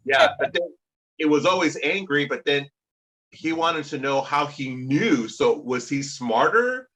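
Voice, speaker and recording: Podcast co-host, male, animated and bright, casual questioning chat. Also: on the high side, a little slow.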